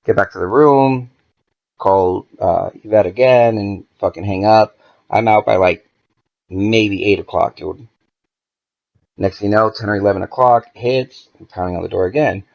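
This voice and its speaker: A man's voice: fairly low pitch, normal speed, creaky, dull audio. A man, a podcast guest, telling a story in a casual, profane way and acting out the dialogue as he goes. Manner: profane, animated, acts out quoted dialogue.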